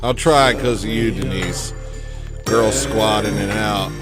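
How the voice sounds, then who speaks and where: A man's voice: lowish voice, takes it slowly, loud music behind the voice. Joking young man on a livestream. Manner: joking, rambling, laughs often. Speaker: livestream host. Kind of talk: casual livestream chat.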